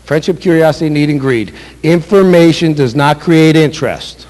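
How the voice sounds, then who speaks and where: A man's voice: fairly high pitch, moderate pace, a little mellow. A man running a sales seminar, speaking emphatically, repeating key points and acting out sample sales calls. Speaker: sales trainer. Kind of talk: motivational sales seminar talk. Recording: echoey hall with long reverb.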